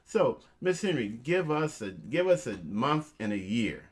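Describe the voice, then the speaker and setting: A man's voice: mid-range voice, big pitch swings, unhurried. A man hosting a casual show, joking around and giving motivational tips, calling his listeners family. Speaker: host.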